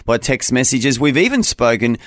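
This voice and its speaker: A man's voice: medium pitch, sing-song, moderate pace, fairly bright tone, no room sound, clean studio sound. An Australian man co-hosting a morning radio show, upbeat and conversational. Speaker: breakfast radio co-host. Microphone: studio mic.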